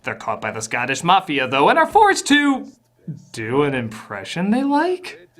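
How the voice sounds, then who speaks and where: A man hosting a comedic film review, delivering scripted, sarcastic, exasperated narration that bursts into shouting. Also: a little high, wildly swooping pitch, measured pace.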